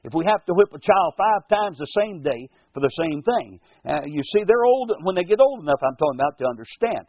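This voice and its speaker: Older man, radio sermon, tinny phone-like sound, husky voice. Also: fairly high pitch, no room sound. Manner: folksy preaching, animated, quotes scripture slowly. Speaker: radio pastor and show host.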